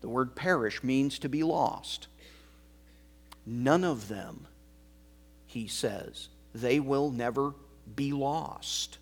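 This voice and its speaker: Slow, emphatic male preacher. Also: medium pitch. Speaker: pastor. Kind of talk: sermon.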